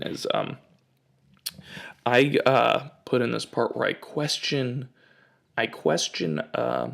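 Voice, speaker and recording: Gravelly man ranting on his podcast. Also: medium pitch. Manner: ranting, jokey storytelling with asides. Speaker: podcast host. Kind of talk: casual comedic monologue. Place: home. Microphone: home microphone.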